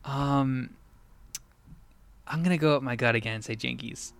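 A woman guest on a podcast, thinking aloud and making quick, offhand guesses in a trivia quiz. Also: very deep voice, dry recording. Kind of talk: casual chat, guessing in a quiz.

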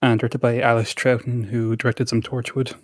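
A man's voice: mid-range voice, flat delivery, brisk, no room sound. Man as podcast co-host, rambling fan chat, dry booth sound. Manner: rambling, hesitant with many ums and restarts.

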